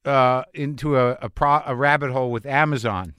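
Male podcast host at mid pitch, sardonic and rambling, recorded dry and close. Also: normal speed, clean tone, no echo. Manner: rambling, sardonic, swings between loud and hushed. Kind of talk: conversational monologue.

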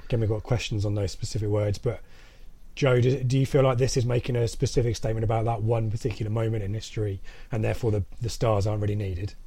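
A man's voice: on the low side, level tone, quick pace, warm tone, slightly rough, no room sound. A man hosting a casual football podcast, chatty with many fillers and restarts. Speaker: podcast host.

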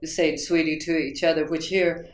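A woman's voice: deep voice, fairly even intonation, normal speed. A woman from the United States, interviewed about her teaching, rambling along with fillers and restarts. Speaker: interviewee, writing instructor. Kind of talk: reflective interview storytelling. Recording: roomy echo.

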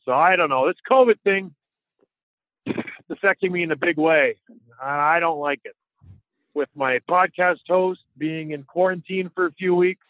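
A man co-hosts a casual sports podcast, chatting playfully and rambling. His voice is on the high side, and the recording is dry and tinny, like a phone line.

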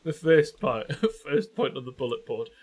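A man's voice: mid-range voice, expressive, a little slow, a little mellow, husky. A man with a nasal Geordie accent chatting on a podcast and reading aloud, self-deprecating and swearing when he stumbles over words. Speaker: podcast co-host. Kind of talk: casual chat with stumbling read-aloud.

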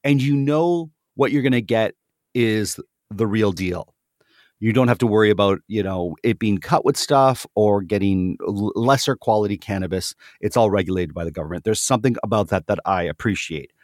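A man's voice: on the low side, normal speed, a little mellow, dry recording, clean studio sound. A man co-hosting a podcast in casual chat, talking freely and repeating words as he restarts. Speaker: podcast co-host.

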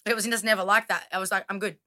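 A woman from western Sydney with an Australian accent, a guest in a casual chat, blunt and quick to swear. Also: mid-range voice, steady tone, pushed and bright, dry recording. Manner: blunt, swears a lot, laughs often. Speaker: guest, boxer.

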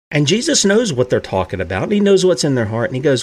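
A man's voice: mid-range voice, big pitch swings, fast talker, few pauses. A man preaching a sermon who asks his listeners rhetorical questions and acts out the characters in the stories he tells.

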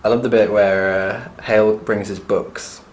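A man's voice: on the low side, fairly even intonation, measured pace, a little hiss or hum. A man co-hosting a podcast in casual chat, recapping a play with a dry, teasing wit. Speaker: podcast co-host.

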